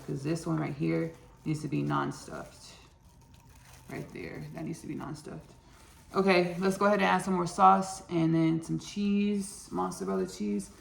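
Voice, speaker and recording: A woman talks her way through a home recipe in a loose, rambling chat, calling out to her viewers as y'all. Her fairly low voice has a heavy gravelly fry. The kitchen around her rings with a roomy echo. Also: slight background noise. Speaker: home cook and channel host. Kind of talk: casual cooking vlog chat.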